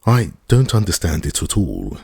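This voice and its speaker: A man's voice: low voice, huge pitch swings, vocal fry, a little mellow, slightly rough, full character voice. A man reading an awkward doubting bridegroom. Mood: uneasy. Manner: halting, awkward confession. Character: anxious doubting young bridegroom, earnest.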